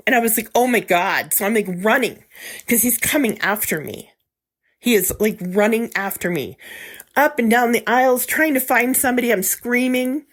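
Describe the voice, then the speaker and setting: A woman's voice: mid-range voice, normal speed. A woman telling a frightening story from her own life as a guest. She tells it with feeling and acts out what she said back then. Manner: emotional, acts out her own past words. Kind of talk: first-person retelling.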